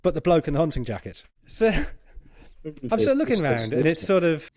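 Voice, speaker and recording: A man's voice: on the high side, normal speed, no echo, clean studio sound. A man on a football podcast, telling a long funny anecdote and laughing as he goes. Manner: animated, laughing as he tells a story. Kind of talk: anecdotal storytelling.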